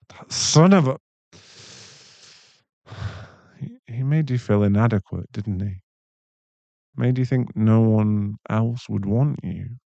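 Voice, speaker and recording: A young man in a whispered role-play, voicing a caring, protective boyfriend who speaks softly and reassuringly, with a gravelly voice. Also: on the low side, no room sound, highs cut off. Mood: upset. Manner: soft, reassuring, slow-spoken. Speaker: ASMR voice actor.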